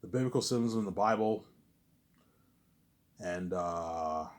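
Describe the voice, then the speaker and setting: A man's voice: sits low, a little slow. A young man rambling to camera in a monologue, stammering and repeating himself, trailing off on a mumbled "obviously.". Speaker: vlogger.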